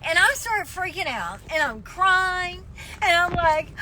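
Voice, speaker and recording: A woman's voice: extremely high pitch, big pitch swings, measured pace, bright, forceful tone, slight background noise. A woman telling a dramatic story to her phone from inside a car, laughing often as she goes. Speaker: social media live streamer. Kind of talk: casual storytelling.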